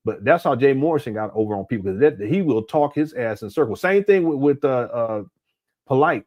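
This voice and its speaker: A man hosting a casual live-stream commentary, talking in a rambling, animated way with frequent restarts and crude language. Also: mid-range voice, fairly quick, lo-fi sound. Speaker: commentary channel host.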